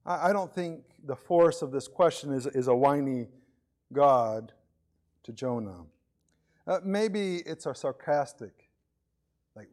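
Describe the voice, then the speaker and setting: A man's voice: medium pitch, animated, takes it slowly, pauses often, a little mellow. A man preaching a sermon in a conversational way, often repeating words as he starts a phrase. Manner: acts out voices of others in his examples.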